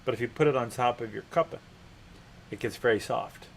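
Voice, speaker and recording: A man's voice: medium pitch, moderate pace, creaky, slight background noise. A man hosting an interview, probing his guest with pointed follow-up questions. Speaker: host. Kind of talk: conversational interview.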